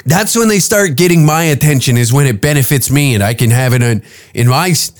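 A man's voice: mid-range voice, lively intonation, fairly quick. Profane rambling man in his fifties. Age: 50s. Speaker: podcast host. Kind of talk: comedic podcast rant.

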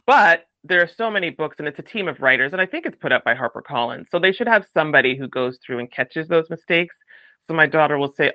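Podcast guest: a lively man with a slightly high voice, lo-fi dry sound. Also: fast talker, no room sound. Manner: animated, acts out quoted voices. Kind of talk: casual chat.

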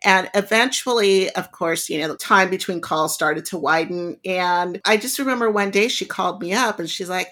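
Woman, first language Spanish, interview guest, low-pitched, bright and forceful, chatty storyteller. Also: moderate pace, hardly any pauses. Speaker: guest, jeweler. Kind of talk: casual conversational interview.

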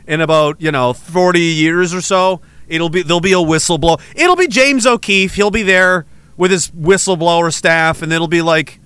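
High-voiced, sarcastic Canadian man ranting. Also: moderate pace, fairly bright tone, clear, resonant tone, dry recording. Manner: sarcastic, profane, laughing often. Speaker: livestream host. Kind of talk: livestream rant reading chat.

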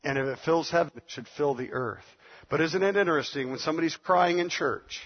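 A man's voice: fairly high pitch, fairly quick, muffled recording. A middle-aged man preaching a sermon as pastor, playful and laughing, acting out the voices of others.

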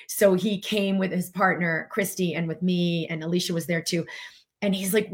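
Chatty woman with a gravelly low voice. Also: fairly quick. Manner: chatty, warm-hearted, filler-heavy spiritual coaching. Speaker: podcast host. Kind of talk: casual livestream talk reading viewer comments.

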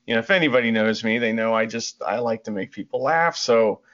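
A man's voice: medium pitch, fairly quick, fairly bright tone. A man co-hosting a podcast in casual chat, giggly, loose and rambling. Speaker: podcast co-host. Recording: dull lo-fi audio.

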